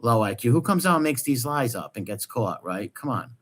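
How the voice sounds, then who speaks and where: A man hosting a stream, ranting in crude, mocking casual commentary with loud outbursts. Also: medium pitch, very animated, fairly quick. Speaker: stream host.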